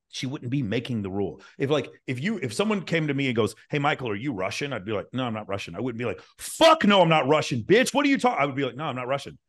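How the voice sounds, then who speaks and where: A male dating coach on a panel, arguing in a blunt, profane and animated way. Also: fairly low pitch. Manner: blunt, profane, animated when making a point. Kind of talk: heated panel discussion.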